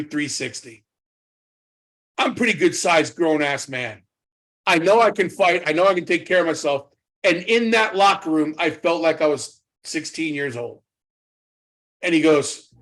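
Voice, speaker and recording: Animated storytelling ex-wrestler man. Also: on the high side, poor audio. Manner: animated storyteller acting out quoted dialogue. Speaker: former pro wrestler, guest. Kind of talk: casual storytelling interview.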